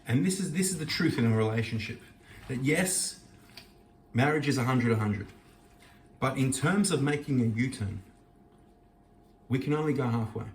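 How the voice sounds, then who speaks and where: A man's voice: medium pitch, lively intonation, moderate pace, long pauses, a little hiss or hum. Earnest man teaching in an echoey room. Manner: earnest, searching, quotes Hebrew verses. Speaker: host. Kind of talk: reflective Torah teaching. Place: kitchen. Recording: echoey room, mic at a distance.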